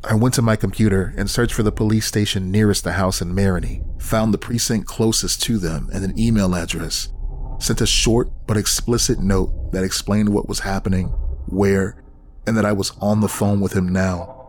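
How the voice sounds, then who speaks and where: Guy narrating a horror story, lowish voice, steady and tense, bit of faint noise. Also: normal speed. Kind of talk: scripted horror audiobook narration.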